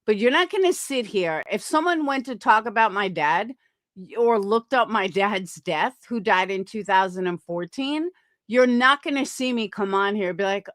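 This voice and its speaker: A woman's voice: medium pitch, animated, moderate pace, fairly bright tone, no room sound, studio quality. A middle-aged woman streamer commenting on clips in a blunt, profane, sarcastic way.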